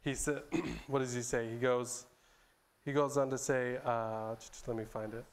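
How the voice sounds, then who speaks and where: A pastor retells a Bible story in an easygoing, loose sermon, often restarting, repeating words, and pausing to clear his throat between phrases. His voice is smooth and resonant at an ordinary middle pitch, with a flat delivery.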